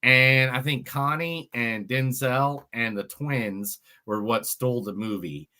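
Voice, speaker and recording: A man co-hosts a movie review podcast in loose, joking chat. His voice is bright and forward, and he punches his points with loud emphasis. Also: medium pitch, takes it slowly. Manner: animated, joking, emphatic outbursts. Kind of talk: casual chat.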